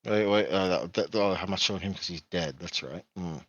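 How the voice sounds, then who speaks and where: A man with a lowish voice runs a tabletop vampire game, wandering through his notes and stopping to correct himself with a chuckle. The sound is dry and dull, as from a cheap mic. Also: brisk, dry recording. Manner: rambling, self-correcting, chuckles often. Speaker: game master. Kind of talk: narrating a tabletop game online.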